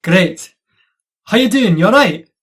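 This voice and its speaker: A man's voice: high voice, lively intonation, a little slow. A man playing a quirky friendly Scottish tutor. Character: quirky friendly Scotsman teaching accent. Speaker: student actor. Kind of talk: online student theatre. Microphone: video call.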